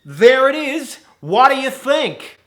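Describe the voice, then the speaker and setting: A man's voice: very high voice, big pitch swings, slow pace, a bit bright, voice pushed up, heavily acted. A man playing a brash middle-aged North American team manager, putting on an American accent that slips in and out. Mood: showy. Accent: wobbly put-on American accent.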